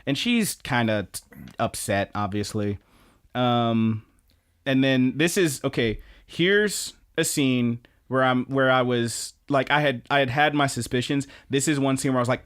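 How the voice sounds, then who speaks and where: A man's voice: medium pitch, unhurried, a bit bright, clear, resonant tone. A man co-hosting a podcast, recapping anime episodes in a rambling, profane casual chat full of fillers and restarts. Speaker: podcast co-host.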